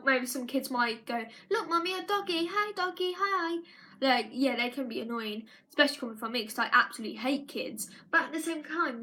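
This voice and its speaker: A woman talks loosely to her viewers in a live vlog. Her voice sits high and sounds bright and forward. She rambles, circles back, and restarts her sentences often. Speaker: live vlogger. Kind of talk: casual live-stream monologue.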